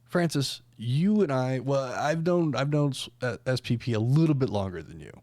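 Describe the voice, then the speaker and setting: A man hosting a podcast chats casually, rambling with lots of fillers and restarts. His mid-range voice is expressive and a little mellow at normal speed, with no room sound.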